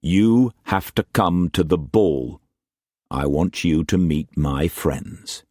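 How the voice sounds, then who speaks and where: A man doing a deep Scottish merchant. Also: animated, no room sound, studio quality, full character voice. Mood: tender. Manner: low, slow, gentle and deliberate.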